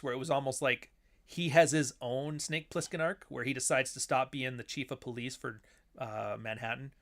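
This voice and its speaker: A man in casual film commentary, rambling from one thought to the next. His voice sits at an ordinary middle pitch. He swears freely and slips into quoted lines as he goes. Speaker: author and host.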